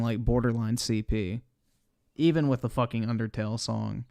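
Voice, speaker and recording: A man's voice: medium pitch, fairly even intonation, normal speed, creaky, dark tone. A young man giving blunt, profane live-stream commentary while he watches videos.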